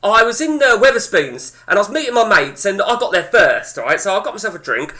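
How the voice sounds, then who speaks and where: Animated, sweary man spinning a yarn. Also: sits high, fairly quick. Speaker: game streamer. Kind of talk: casual storytelling to chat.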